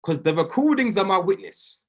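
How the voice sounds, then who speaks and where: A man's voice: high voice, animated, moderate pace, vocal fry, a bit bright. A man coaching traders on an online group call, emphatic and preachy, hammering key phrases by repeating them. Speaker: trading mentor.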